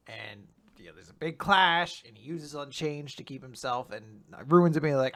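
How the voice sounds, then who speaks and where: A man's voice: a little high, moderate pace, few pauses, fairly bright tone. A man co-hosting a podcast, animatedly recapping a manga in casual chat and acting out the characters. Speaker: podcast co-host.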